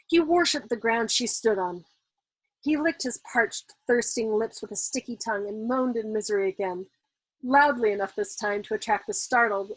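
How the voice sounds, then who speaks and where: A woman reading a novel aloud at a steady, measured pace as a storyteller. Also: mid-range voice, slightly rough, dry recording, low-quality recording.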